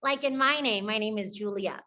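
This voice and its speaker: A young woman teaching preschoolers, speaking slowly and clearly, praising them often and singing simple songs. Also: medium pitch, bright, forceful tone.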